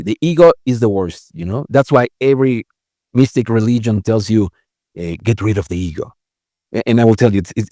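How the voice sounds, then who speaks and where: A man talking as an interview guest, acting out inner voices with big swings in pitch and often repeating and correcting his words. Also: a little mellow, no echo, clean studio sound. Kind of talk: conversational interview.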